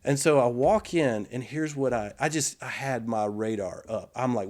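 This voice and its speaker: Middle-aged male guest, earnest storyteller, mid-pitched, restarts and quiet asides. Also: moderate pace. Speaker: podcast guest. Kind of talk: storytelling in casual conversation.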